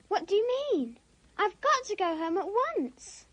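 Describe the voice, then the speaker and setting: A woman's voice: very high-pitched, very animated, measured pace, dry recording, heavily acted. A woman voicing a kind, well-mannered young girl in an amateur radio play. She speaks earnestly and pleads. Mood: earnest, pleading.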